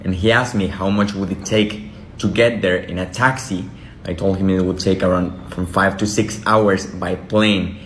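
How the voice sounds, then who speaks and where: A man's voice: deep voice, fairly even intonation, normal speed, slight background noise. A man who works in tourism tells a story in a plain, matter-of-fact way. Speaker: tourism worker. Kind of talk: casual storytelling.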